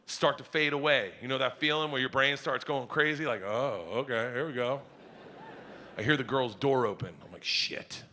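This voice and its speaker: A man telling a stand-up story, loud and animated, shouting as he acts out lines. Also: mid-range voice, moderate pace. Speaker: stand-up comedian.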